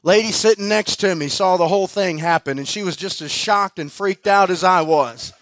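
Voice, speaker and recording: At a conference, a guest preacher with a high, fairly bright voice narrates a personal story at a moderate pace. He keeps it chatty, laughing often and stumbling through fillers and restarts. The recording is dry.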